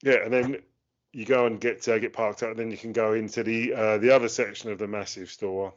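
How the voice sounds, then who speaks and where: A man co-hosting a casual chat, talking in a hesitant way with many pauses and fillers. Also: lowish voice, fairly even intonation. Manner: hesitant, lots of ums and uhs. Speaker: co-host. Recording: dull lo-fi sound.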